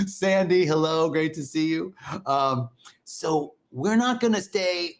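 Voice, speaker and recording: A man giving a conversational, animated spiritual talk in a live stream. He greets viewers by name between points. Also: on the high side, takes it slowly. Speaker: spiritual teacher.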